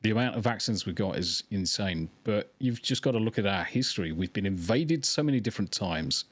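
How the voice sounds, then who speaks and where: A man's voice: lowish voice, animated, a little fast, fairly bright tone, dry recording. English man, chatty podcast guest. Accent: mixed English. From England. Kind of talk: casual podcast chat.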